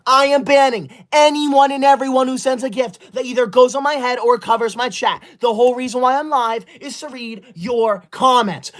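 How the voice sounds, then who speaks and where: A performer playing a self-righteous young livestreamer who loves school, scolding the chat with indignant, sudden shouted outbursts into a close mic. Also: medium pitch, natural voice. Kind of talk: comedy sketch livestream.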